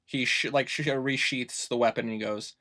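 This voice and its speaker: A man's voice: medium pitch, steady tone, normal speed, pushed and bright. A man narrating as game master of a tabletop game, rambling and restarting, full of filler words, on a home microphone over a voice call.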